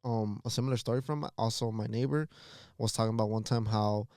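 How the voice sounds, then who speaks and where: Smooth-voiced laid-back podcast man. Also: on the low side, fairly even intonation, a little mellow, dry recording, clean studio sound. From Los Angeles area. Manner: measured, full of fillers like "you know". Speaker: podcast co-host. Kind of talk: casual chat.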